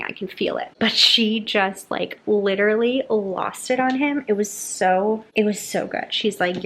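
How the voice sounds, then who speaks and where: A young woman vlogging about a book she is reading, gushing and animated as she acts out characters' lines in a casual chat. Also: mid-range voice, a little hiss or hum.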